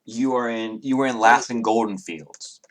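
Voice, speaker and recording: A man's voice: mid-range voice, normal speed, a bit bright. A man from the Southern US with a Southern accent, narrating as game master and thinking aloud with frequent hesitations.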